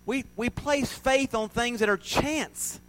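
High-voiced pastor preaching. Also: male voice, slow, a bit bright, low-quality recording. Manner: conversational, emphatic, joking with the congregation. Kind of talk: sermon.

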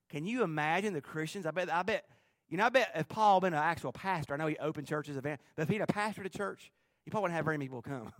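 A man preaching a sermon with animated, joking, emphatic storytelling. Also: high voice, no room sound. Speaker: pastor.

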